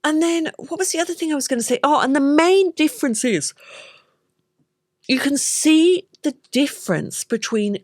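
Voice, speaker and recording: A woman's voice: sits high, expressive, normal speed, dry recording. A woman who hosts a podcast and consults on baby sleep, talking casually and stressing points by repeating key phrases.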